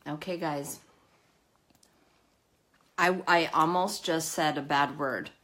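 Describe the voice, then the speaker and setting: Woman, live makeup tutorial host, casual chat, jittery and self-deprecating, somewhat low voice. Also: slow, a bit bright. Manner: chatty, nervous, self-deprecating, with a nervous cough.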